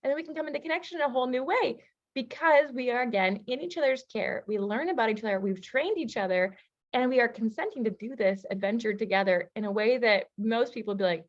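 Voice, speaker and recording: A woman relationship coach teaching a masterclass, telling personal stories in a lively, casual way. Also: medium pitch, quick pace, lo-fi sound. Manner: lively storytelling, casual fillers.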